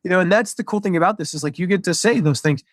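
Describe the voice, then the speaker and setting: Chatty upbeat man, slightly high voice. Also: very fast, no room sound, studio quality. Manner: upbeat, chatty, lots of fillers. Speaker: podcast host, marketing coach. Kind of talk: casual business chat.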